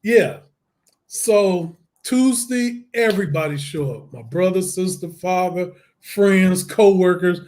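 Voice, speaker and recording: A man, a guest on an interview show, telling his story in a lively way, acting out the voices and laughing often. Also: sits high, slow. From Detroit, USA.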